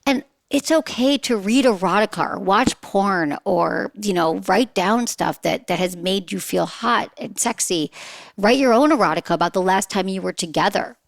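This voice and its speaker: A woman's voice: mid-range voice, expressive, normal speed, creaky, no room sound. A woman hosting a podcast, giving chatty sex advice with frequent rhetorical questions. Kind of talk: casual advice talk.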